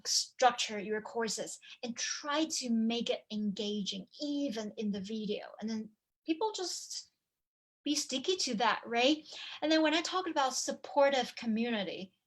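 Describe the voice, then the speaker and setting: Slow-paced woman teaching over a video call. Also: on the high side. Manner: lively, humming and singing examples, quizzing listeners. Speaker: language teacher and online course presenter. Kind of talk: live webinar talk with demonstration.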